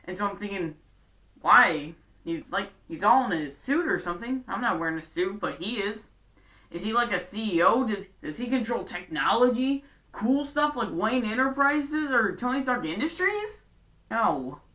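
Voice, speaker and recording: Chatty woman recapping a show, bright. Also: medium pitch, expressive, normal speed, distant mic. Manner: chatty, sarcastic asides. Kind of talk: casual episode recap.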